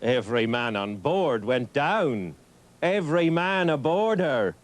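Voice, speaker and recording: A reader voicing a grave sailor who speaks in slow, hushed tones, in a dramatic poetry recitation, set a little back from the mic. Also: medium pitch, very animated, pitched below the performer's own voice. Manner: solemn, hushed. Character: grave old sailor bringing bad news.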